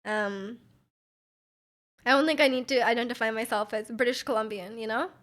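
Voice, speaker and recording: A young woman chatting casually on a live stream, her voice sitting a little high. She rambles loosely, fills her talk with "like" and giggles between thoughts. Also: moderate pace, fairly bright tone. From Vancouver, Canada. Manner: rambling, filler-heavy with frequent "like", giggly. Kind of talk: casual chat, reading out chat.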